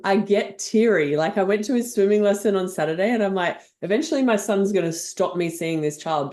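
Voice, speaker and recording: An older woman with an Australian accent, a guest on a podcast interview, telling stories in an effusive, animated way. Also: mid-range voice. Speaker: guest NLP trainer.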